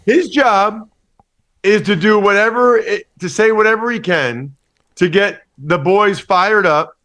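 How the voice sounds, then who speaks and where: A former football player and analyst on a radio show, talking in a lively, teasing, joking way. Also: male voice, high voice. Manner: lively, teasing, quick to joke. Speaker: football podcast host and analyst, guest. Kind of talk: casual radio interview banter.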